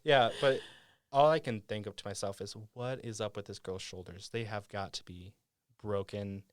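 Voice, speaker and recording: A man's voice: fairly low pitch, fairly even intonation, moderate pace, no echo, clean studio sound. A man hosting a podcast, casually retelling a movie scene by scene in a rambling way. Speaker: podcast host.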